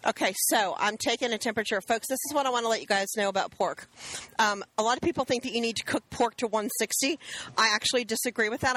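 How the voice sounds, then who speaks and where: Woman cooking host, middle-aged, bright forceful tone, chatty step-by-step explainer. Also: fairly high pitch, poor audio. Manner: chatty, explains steps to viewers. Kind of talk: casual cooking demonstration.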